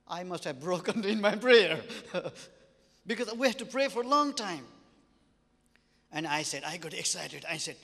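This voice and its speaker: A man's voice: high voice, moderate pace, long pauses. Fervent preacher man in an echoing hall. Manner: animated storytelling, sudden loud exclamations then quiet drops; fervent prayer. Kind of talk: sermon with testimony and prayer. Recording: long hall reverb.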